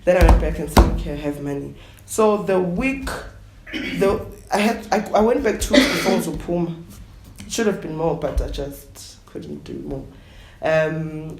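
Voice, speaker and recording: A woman traditional healer from South Africa, telling her story at a roundtable in an animated way, often acting out what others said. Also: sits low, moderate pace. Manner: code-switching, animated retelling with quoted voices. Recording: echoey room with faint noise.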